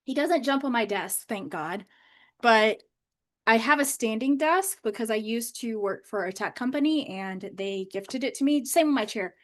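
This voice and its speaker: A woman's voice: a little high, animated, normal speed. A woman coach chatting casually on a live stream from her home office, bubbly and loose, with lots of "like" fillers. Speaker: manifestation coach.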